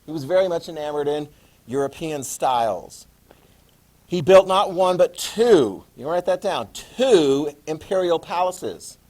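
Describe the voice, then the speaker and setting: A man in his fifties giving a classroom history lecture, lively and joking, acting out quotes. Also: a little high, measured pace. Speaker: history teacher.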